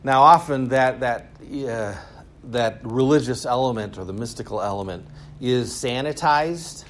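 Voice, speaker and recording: Male lecturer with a mid-range voice: informal, wry and sarcastic, prone to lively tangents. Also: medium pitch, a little slow, a little hiss or hum. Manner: casual, sarcastic, animated asides. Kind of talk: university lecture. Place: school lecture room.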